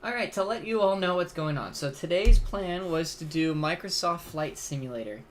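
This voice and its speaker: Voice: medium pitch, lively intonation, normal speed, slight background noise. A live streamer hosting a casual gaming stream, rambling in a chatty way with laughs along the way.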